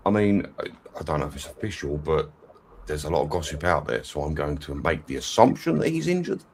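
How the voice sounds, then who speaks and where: Brief: man with a low voice swinging widely in pitch, a fired-up fan guest, faint background noise. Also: a little fast, vocal fry. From England. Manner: fired-up, animated ranting. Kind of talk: casual chat.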